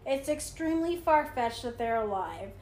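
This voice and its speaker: A woman chatting casually about a movie, full of "like" and quick to argue her point. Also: high voice, expressive, darkish tone. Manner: chatty, lots of "like", argumentative. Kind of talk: casual movie commentary chat. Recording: roomy room with faint noise.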